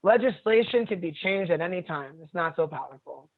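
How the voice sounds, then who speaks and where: Expressive and a little fast, this high-voiced jiu-jitsu instructor swaps stories as a guest on a podcast. He keeps it casual, blunt, and full of profanity, laughing frequently, all through tinny audio that sounds like a phone.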